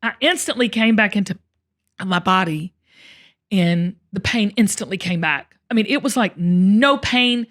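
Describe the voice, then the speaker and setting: A woman host telling a personal story in casual conversation, emotional and expressive, often speaking straight to her listeners. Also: mid-range voice, unhurried. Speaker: show host.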